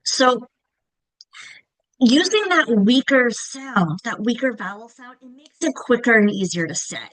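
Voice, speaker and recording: A woman's voice: fairly high pitch, lively intonation, unhurried, fairly bright tone, no echo, low-quality recording. A middle-aged woman with a Long Island accent, teaching a lesson on reading and often checking in with listeners. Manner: explanatory, frequent "right?" check-ins. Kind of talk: instructional presentation.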